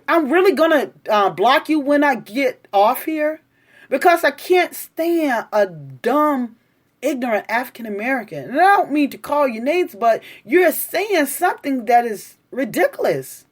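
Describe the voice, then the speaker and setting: A woman's voice: high voice, big pitch swings, unhurried. A woman doing live-stream commentary, reacting to the news and arguing back at her viewers' comments in an indignant, lecturing way.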